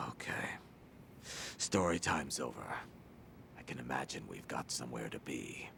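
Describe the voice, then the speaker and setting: Heavily acted and dry in mood, a male actor plays a tired, aging ex-yakuza in a video game using a gravelly, very deep voice. He speaks slowly, tersely and deadpan, over slight background noise.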